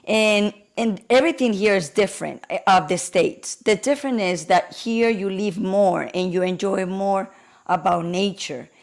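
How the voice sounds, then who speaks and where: A hoarse woman with a Colombian Spanish accent, a native Spanish speaker, talking as a podcast guest in heartfelt, emotional conversation. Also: medium pitch, moderate pace. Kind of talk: casual conversation.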